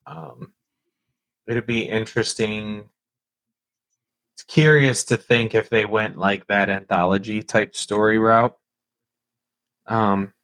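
Male podcast guest, low voice, relaxed and easygoing delivery. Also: slow, pauses often. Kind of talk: casual podcast chat.

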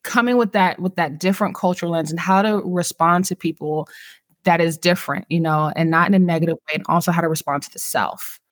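A woman's voice: lowish voice, fast talker, dry recording. A woman from California hosting a podcast, talking reflectively with many "you know" fillers and addressing listeners directly. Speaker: podcast host. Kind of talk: casual conversation on mental health.

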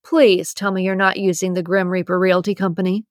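A woman's voice: lowish voice, little pitch movement, fairly quick, no room sound, natural voice. Cocky wisecracking guy read by a woman, nosy, teasing, audiobook character, dry sound. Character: cocky, teasing male employee.

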